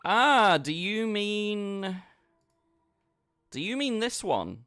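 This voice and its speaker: A man's voice: sits high, very animated, drawn-out words, pushed and bright, clean tone, dry recording, clean studio sound. A man chatting casually with his viewers while he plays online poker, bantering and talking to the chat. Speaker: poker streamer. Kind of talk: casual live-stream commentary.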